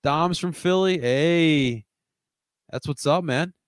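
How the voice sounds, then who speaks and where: This livestream host is a young guy from Philadelphia doing a relaxed sports stream, wandering from topic to topic, answering chat, and alternating noisy bursts with low grumbles. His delivery is slow and smooth, with no room sound at all.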